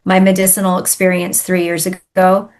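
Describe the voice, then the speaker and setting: A woman, a spiritual healer, telling a personal story in a podcast interview in an animated, emphatic way. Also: lowish voice, moderate pace.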